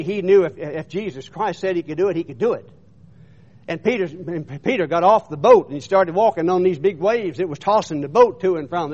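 Male preacher, high voice, emphatic storytelling sermon, dull lo-fi recording. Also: darkish tone.

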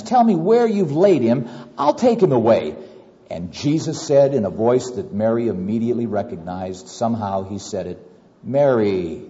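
A man preaching a sermon and reading scripture aloud, swinging between loud emphasis and hushed low asides. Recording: dull audio with long hall reverb.

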